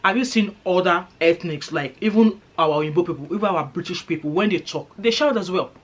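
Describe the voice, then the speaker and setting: A Nigerian woman vlogger talks straight to her viewers, emphatic and indignant. Her accent is clearly Nigerian, and she leans hard on each point as she rants. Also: fairly low pitch, a little fast. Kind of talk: opinion rant to camera. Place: living in Britain for years.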